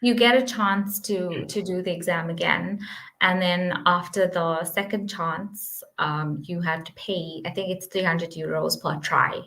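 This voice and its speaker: Woman, South African accent, lowish voice, patient explainer, casual interview. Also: fairly even intonation, measured pace, fairly bright tone. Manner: explanatory, laughs easily. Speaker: pharmacist guest.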